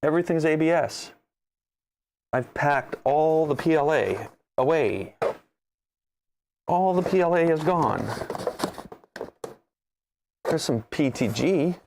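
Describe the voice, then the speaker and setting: A man hosting a maker livestream, chatting casually and telling stories with an animated, ranting manner. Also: fairly high pitch, takes it slowly, creaky, pauses often, background noise.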